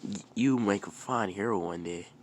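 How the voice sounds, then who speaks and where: A man voicing a big, proud grown hero who speaks in a booming, encouraging way in a storytelling fan narration. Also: moderate pace, a little hiss or hum, lightly acted.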